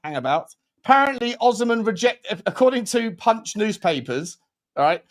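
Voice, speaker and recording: A man co-hosts a football podcast in loose, jokey chat. His voice sits high for a man. He rambles and corrects himself often as he reads out the news. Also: big pitch swings, moderate pace. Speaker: podcast co-host.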